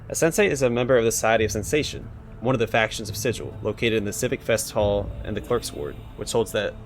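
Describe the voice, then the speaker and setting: A man plays through a game and reads along, tossing in offhand reactions. His voice sits on the low side, and faint game music plays behind. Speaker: let's play host. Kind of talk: casual game playthrough, reading dialogue aloud.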